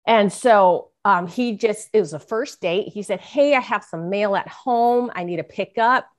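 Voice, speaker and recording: A woman's voice: medium pitch, a little slow. A middle-aged woman, an author guest in a podcast interview, telling a personal story earnestly and acting out the voices of people she quotes.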